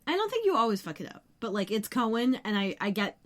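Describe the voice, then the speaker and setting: A woman's voice: medium pitch, sing-song, fast talker. A young woman co-hosting a podcast, recapping scenes in a casual chat with wry, joking asides. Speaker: podcast co-host.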